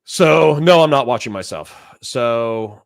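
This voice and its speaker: A man hosting a livestream, reading out chat comments and answering them bluntly, with plenty of swearing and quick flare-ups of anger. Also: mid-range voice, animated, vocal fry. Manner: blunt, profane, quick to get heated. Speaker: livestream host.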